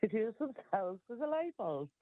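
A woman's voice: on the high side, sing-song, moderate pace, dry recording. A woman calling a radio show, playful and bossy, heard over a phone line. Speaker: caller. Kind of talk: phone-in chat.

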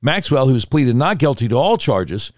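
A man's voice: medium pitch, sing-song, normal speed, a little mellow, dry recording, clean studio sound. Sardonic male news commentary host. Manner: conversational, sarcastic asides, self-correcting. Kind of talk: casual news commentary reading articles.

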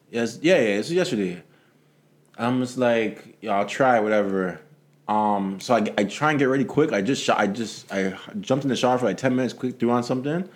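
A man talking quickly in a casual chat. He tells his stories with energy and acts out the voices of the people in them. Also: medium pitch. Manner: animated storyteller, acts out quoted people.

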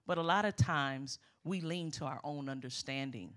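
Middle-aged woman preacher, bright forceful tone, emphatic sermon delivery with congregation call-outs. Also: sits low, normal speed. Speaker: guest preacher.

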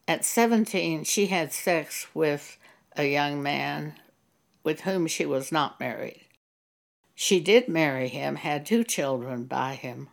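A woman speaks slowly and deliberately, her low voice carrying a gravelly edge. She tells a church testimony in an earnest, measured manner and quotes scripture along the way. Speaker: Christian teacher giving a testimony. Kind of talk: slow spoken testimony with scripture.

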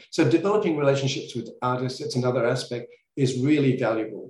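A man's voice: medium pitch, quick pace, darkish tone. An Australian man chatting as a podcast guest, telling stories and often restarting his sentences. His voice sits in the middle range and carries a roomy echo. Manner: storytelling with frequent restarts. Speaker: podcast guest, comic art collector. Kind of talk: casual chat. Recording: echoey room.

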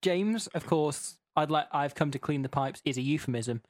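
A man's voice: on the high side, moderate pace, no echo, clean studio sound. Giggly man narrating a comic adventure. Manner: wry, giggly, deadpan narration. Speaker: podcast host. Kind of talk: narrating a comic choose-your-own-adventure.

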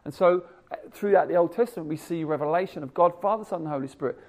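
A man preaching a sermon, animated, swinging from loud emphasis to hushed asides. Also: fairly high pitch, fast.

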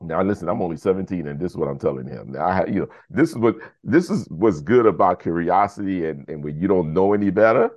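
A man's voice: low-pitched, fast, hardly any pauses, no room sound. A man, a podcast guest telling a story casually, acting out the dialogue with lots of "you know". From United States. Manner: animated storyteller who acts out quoted dialogue, many fillers.

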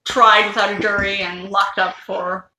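A woman in casual chat, measured and laughing often, playing the straight voice to her partner's jokes. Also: medium pitch, little pitch movement, sharp tone, roomy sound, a little hiss or hum.

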